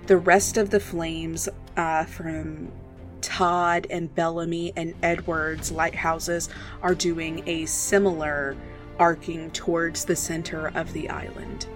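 A woman with a low-pitched voice runs a tabletop game, describing scenes in a relaxed way with filler words. Faint music plays underneath. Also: slow. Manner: relaxed, with fillers, speeds up in asides. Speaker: game master.

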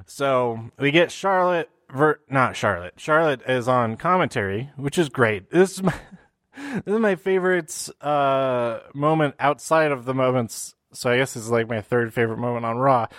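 A man's voice: mid-range voice, a bit bright, dry recording. Chatty man recapping, dry close sound. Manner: rambling, with frequent fillers and restarts; puts on silly voices for quotes. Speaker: wrestling recap host. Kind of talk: casual show recap.

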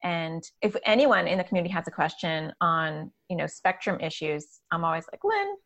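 A woman's voice: low-pitched, fairly even intonation, fairly quick, a bit bright. A woman in her thirties hosting a casual podcast conversation, chatty and upbeat, with plenty of fillers and laughter. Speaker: podcast host and community organizer.

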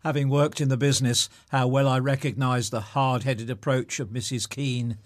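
A man presenting between readings, in a lively and wry storytelling way. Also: medium pitch, moderate pace, dry recording, faint music behind.

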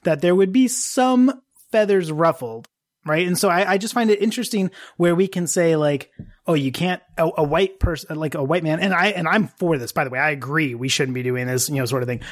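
A podcast host in casual discussion who muses aloud and asks long, winding questions. The voice has a middle pitch and an everyday, conversational delivery. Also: a little fast. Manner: musing, questioning, long-winded.

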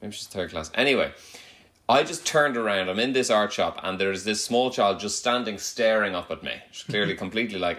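This is a young man with a lowish voice, hosting a casual comedy podcast. He tells stories with energy, dropping quick jokey asides along the way. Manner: animated storyteller, quick asides. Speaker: podcast host.

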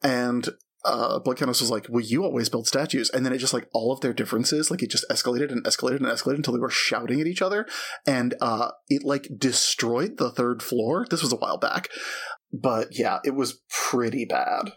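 A woman's voice: a bass voice, brisk, husky. A woman narrating as game master of a tabletop role-playing game, telling gossip in a rambling way full of fillers. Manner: rambling, filler-heavy storytelling.

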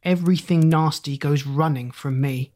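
A storybook narrator voicing a boastful ten-year-old boy in a raised, quick voice. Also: mid-range voice, a little mellow, close to an everyday voice. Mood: cocky.

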